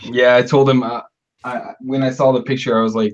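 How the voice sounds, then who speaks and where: A man's voice: medium pitch, level tone, fairly quick, muffled recording, a little hiss or hum. A man teasing his friends playfully on a casual livestream.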